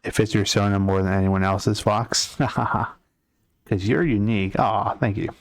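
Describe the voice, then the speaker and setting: A young man talks loosely with his live-stream chat as he draws, rambling from one comment to the next. His voice sits low with a gravelly fry in it. The sound is dry and close, with no room around it. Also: fairly even intonation, unhurried, no room sound. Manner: rambling, chatty, reads chat aloud and answers. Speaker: art streamer. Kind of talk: casual live-stream chat while drawing.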